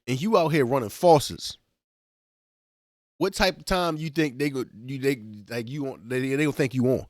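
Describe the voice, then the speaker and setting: Man, aave, casual podcast chat, animated storyteller, dry close mic. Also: medium pitch, moderate pace, no room sound. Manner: storytelling, animated, repeats and restarts words. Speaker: podcast co-host.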